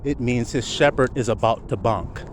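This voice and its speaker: A man's voice: mid-range voice, moderate pace. Man preaching over street traffic. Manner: preachy, full of rhetorical questions. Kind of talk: street-side sermon. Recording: outdoor traffic noise.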